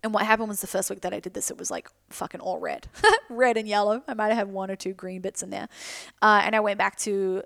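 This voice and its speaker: Candid, swearing woman with a gravelly edge. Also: medium pitch, fairly quick, no room sound, studio quality. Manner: candid, swears freely, animated self-mocking asides. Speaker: podcast host. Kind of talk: casual solo podcast talk.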